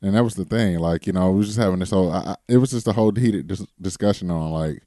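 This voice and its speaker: Man co-host, very low voice, rambling casual chat, dry close mic. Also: quick pace, mellow, no room sound. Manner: loose, rambling, self-described bass voice. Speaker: podcast co-host.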